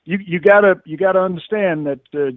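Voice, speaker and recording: A man's voice: sits high, no echo. Hesitant male radio host, tinny line. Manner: halting, warm, hesitant with fillers. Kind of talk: phone-in radio interview. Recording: tinny phone-like line, dry.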